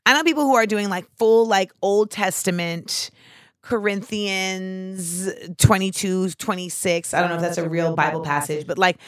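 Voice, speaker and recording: Woman host, mid-pitched, dry close studio mic, swears freely, riffs and digresses as she tells stories. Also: normal speed, no echo. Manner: animated, profane storytelling with frequent asides. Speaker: podcast host. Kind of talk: casual podcast chat.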